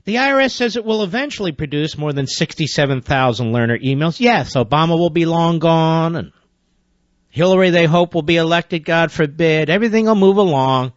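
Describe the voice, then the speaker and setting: A fired-up male talk radio host with a fairly high voice, reading the news and then tearing into it with biting sarcasm. His indignant delivery sounds close and dry, with slightly muffled broadcast sound. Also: lively intonation, brisk, dry recording.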